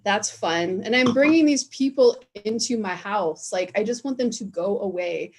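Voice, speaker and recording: Woman, host, casual video call chat, joking, laughs a lot, medium pitch. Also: normal speed. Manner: chatty, loose and joking, laughs often.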